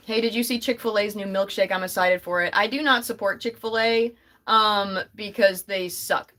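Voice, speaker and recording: A woman's voice: mid-range voice, steady tone, moderate pace, pushed and bright. Young adult woman, livestream host, casual and chatty with frequent laughter, reads chat aloud.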